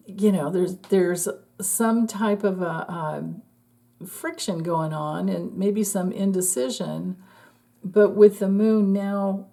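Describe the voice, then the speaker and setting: A woman's voice: mid-range voice, dark tone. A woman astrologer giving a casual, chatty forecast, laughing often and trailing off mid-thought.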